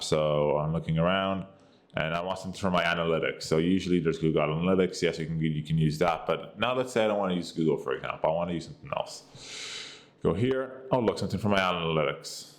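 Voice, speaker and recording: A man with an American accent giving a casual, rambling review of an app, full of fillers and repeated catchphrases. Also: a little fast. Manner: rambling, filler-heavy, says "boom" and "you get the idea". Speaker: tech reviewer.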